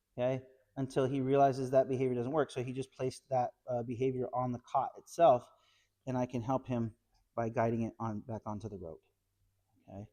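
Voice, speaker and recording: A man's voice: mid-range voice, dark tone. A man working as a dog trainer, explaining puppy training step by step and checking in with the viewer with a frequent "okay?". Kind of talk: instructional training video.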